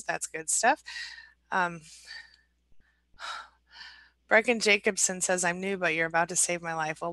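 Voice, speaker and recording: Female live-stream host, emotional and warm, bright slightly low voice, reading audience comments. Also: dry recording. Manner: warm, emotional, reads viewer comments aloud.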